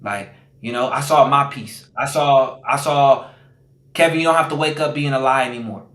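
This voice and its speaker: A man's voice: mid-range voice, moderate pace, a bit bright, roomy sound. A man telling his own story as a podcast guest, earnest and repetitive, with lots of "like" and "you know". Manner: earnest, repeats phrases, many fillers. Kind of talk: personal storytelling.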